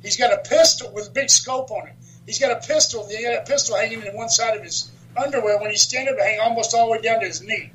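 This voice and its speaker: High-voiced male guest, animated storyteller, salty language, laughs a lot. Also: fast talker, a little hiss or hum, low-quality recording. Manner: animated storyteller, laughs often, swears freely. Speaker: wrestler and author, guest. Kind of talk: casual storytelling interview.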